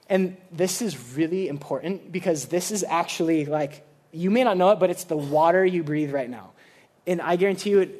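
A man with a fairly high voice delivers a sermon in a relaxed, conversational way. He explains ideas plainly to a young audience, stumbling and restarting as he thinks aloud, with filler words throughout. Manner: chatty, loose, with many "like" fillers and restarts. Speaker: preacher. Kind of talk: casual sermon.

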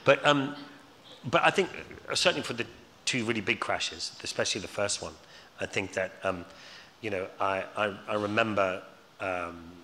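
A man's voice: fairly low pitch, moderate pace, bright, forceful tone, slight background noise. A man speaking as a guest at a live Q&A, telling stories in a rambling way with lots of restarts and repeated words. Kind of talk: anecdotal storytelling at a live Q&A. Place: stage in a hall before an audience. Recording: live hall reverb, faint ambience.

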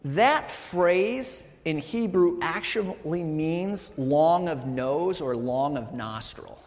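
A man's voice: fairly high pitch, animated, slow pace, a little mellow. A man in his thirties, a pastor giving a conversational sermon, telling the story casually and checking in with the congregation with frequent "right?" asides. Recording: long hall reverb.

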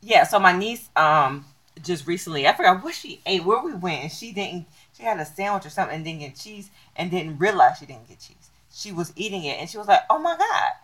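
Soft-spoken woman, trailing-off podcast co-host. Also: on the low side, lively intonation, a little fast. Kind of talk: casual chat.

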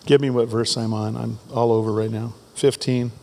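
A man's voice: medium pitch, fairly even intonation, moderate pace, vocal fry, few pauses, mellow. A man preaching a sermon to his congregation, reading scripture with rising fervor and tossing in joking asides. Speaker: pastor. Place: church sanctuary.

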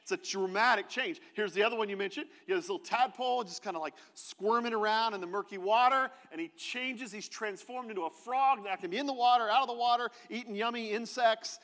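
High-pitched guy preaching a sermon, chatty, asks the crowd stuff, big echoey church. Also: a little fast, few pauses, fairly bright tone. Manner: conversational, asks the congregation questions. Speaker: pastor. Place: church sanctuary. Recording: long hall reverb.

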